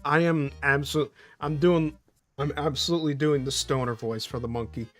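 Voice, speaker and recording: A man's voice: on the high side, fairly even intonation, normal speed, soft background music. A man chatting casually on a live stream, rambling and loosely profane, often restarting his sentences.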